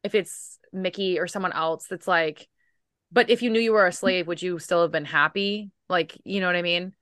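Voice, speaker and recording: A woman's voice: fairly low pitch, moderate pace, fairly bright tone, no room sound, clean studio sound. A woman co-hosting a book podcast, chatting casually and animatedly, swearing and laughing now and then. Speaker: podcast co-host.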